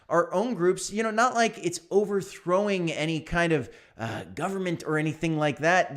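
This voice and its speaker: A man hosting a casual livestream, talking in an animated, emphatic way that repeats phrases. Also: high voice. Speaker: livestream host.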